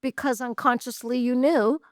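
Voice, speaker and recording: A woman therapist from Massachusetts, a guest on a podcast, who talks in an animated, laughing way and tells stories with enthusiasm. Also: on the high side, normal speed, dry recording, studio quality. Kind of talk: casual podcast interview.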